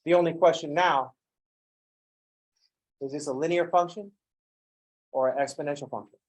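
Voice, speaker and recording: A man's voice: a little high, moderate pace, darkish tone. A man teaching a college math class in a classroom, lecturing with wry jokes and playful asides.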